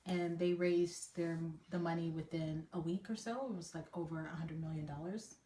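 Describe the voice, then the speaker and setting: A woman's voice: on the low side, fairly even intonation, moderate pace, warm tone. A woman co-hosting a casual conversation, rambling and hesitant as she talks things through. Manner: rambling, hesitant, many fillers and restarts. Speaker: podcast co-host. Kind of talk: casual chat. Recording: echoey room with faint noise.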